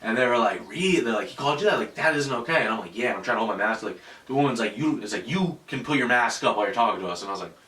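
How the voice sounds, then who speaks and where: A man's voice: mid-range voice, lively intonation, rapid-fire, pushed and bright, recorded from a distance. A man hosting a casual podcast, telling a story with lots of swearing. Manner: profane storytelling. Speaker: podcast host. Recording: echoey room, off-mic.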